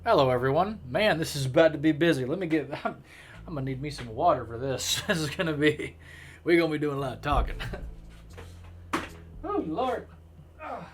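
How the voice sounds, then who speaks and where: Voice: medium pitch, lively intonation, moderate pace, long pauses, slight background noise. A game streamer giving playful, chatty let's-play commentary with wry asides. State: tired legs after a run. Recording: clear game music behind the voice. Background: game music.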